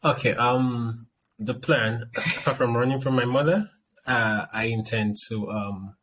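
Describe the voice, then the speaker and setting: A young man with a Nigerian accent, a guest chatting casually in an interview and telling lively stories. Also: medium pitch, measured pace, poor audio. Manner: animated storyteller, acts out quoted voices.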